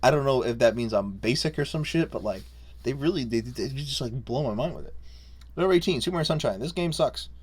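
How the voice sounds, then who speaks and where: A man's voice: medium pitch, lively intonation, brisk, slightly rough. A young man casually ranking games he played, profane, rambling and jokey, unscripted. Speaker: video creator. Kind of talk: unscripted casual game rundown.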